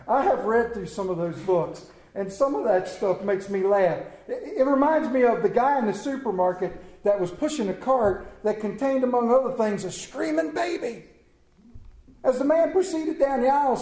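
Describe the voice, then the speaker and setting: A man's voice: very high voice, lively intonation, normal speed, warm tone, echoey room. A middle-aged man preaching a humorous sermon to a congregation, telling family stories with jokes and asides. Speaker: pastor. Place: church sanctuary.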